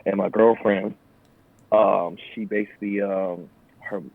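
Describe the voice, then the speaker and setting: A man's voice: measured pace, gravelly, no echo, phone-quality sound. A young man and Marine veteran, a podcast guest, telling his story casually with plenty of swearing and acted-out customer voices. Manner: profane, animated storyteller who acts out customers in higher voices. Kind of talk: casual conversational interview.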